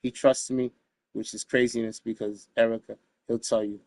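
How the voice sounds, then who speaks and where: A man's voice: medium pitch, level tone, normal speed, a little mellow, no echo. Man from the US telling a story in a dry, close sound. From United States. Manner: streetwise and profane, with frequent "you know what I mean" asides. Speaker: interview guest. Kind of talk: casual storytelling.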